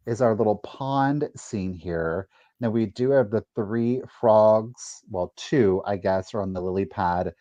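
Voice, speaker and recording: A man's voice: fairly low pitch, dark tone, dry recording. A man hosting a live sale, carefully describing each item in detail. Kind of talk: livestream sales pitch. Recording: dull, dry lo-fi sound.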